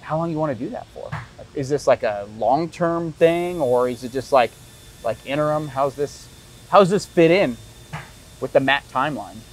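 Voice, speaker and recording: A man interviewing a guest, telling anecdotes with animated impressions of the people in them. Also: medium pitch, moderate pace, poor audio. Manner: animated anecdote teller, acts out voices. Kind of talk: casual interview chat.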